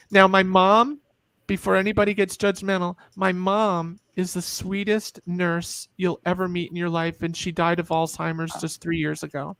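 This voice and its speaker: Gravelly woman telling a personal story. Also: on the low side, normal speed, no room sound. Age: middle-aged. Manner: animated storyteller, acts out quoted voices. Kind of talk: emotional personal story in a group video chat.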